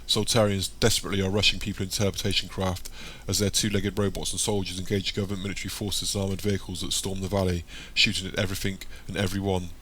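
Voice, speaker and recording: A man narrates an audiobook in a steady, descriptive read. His voice is on the low side yet bright and forward. A faint hiss sits under the recording. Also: fast talker, few pauses.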